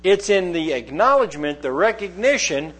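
A man's voice: high voice, big pitch swings, moderate pace, a bit bright. A middle-aged man preaching a conversational sermon, reading scripture aloud and explaining it verse by verse. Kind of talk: sermon, Bible teaching.

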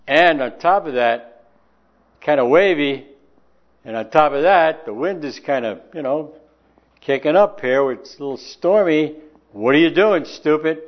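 A man preaching a sermon in a folksy, conversational way, slowing down to stress key words. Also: mid-range voice. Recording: dull lo-fi recording.

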